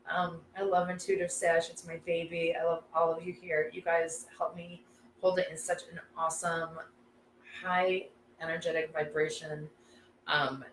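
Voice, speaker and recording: A woman's voice: low-pitched, echoey room, a little hiss or hum, low-quality recording. A woman hosting a casual live class, effusive and gushing, laughing often. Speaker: intuitive class host.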